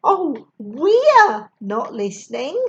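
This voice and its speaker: A woman voicing a blunt, exasperated schoolgirl in a high voice, on a slightly dull recording. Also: sing-song, extremely slow, exaggerated voice.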